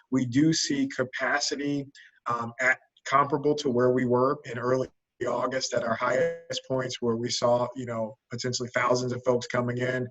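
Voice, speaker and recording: Measured man answering at a briefing. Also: mid-range voice, fairly bright tone, muffled recording. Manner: measured, formal, with frequent restarts. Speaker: public health official.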